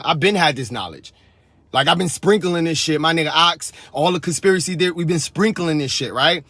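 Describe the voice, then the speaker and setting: Brief: man, thirties, fiery swearing rant, bright and dry sound. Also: mid-range voice, no echo. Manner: heated, swearing, preachy. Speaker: vlogger. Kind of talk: profane ranting monologue. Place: San Francisco Bay Area.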